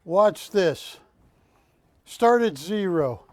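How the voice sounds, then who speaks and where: Calling bids and counting them down on a live shopping channel, this high-voiced man keeps things chatty and full of jokes. His delivery is expressive yet a little mellow and unhurried, captured close and dry in the studio with no room sound.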